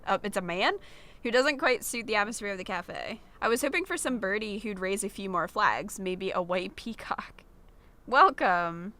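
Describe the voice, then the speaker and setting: Playful lady host reading a game out loud, super bright voice, giggly. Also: mid-range voice, animated, a little fast. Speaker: let's play host. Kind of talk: reading game text aloud with banter.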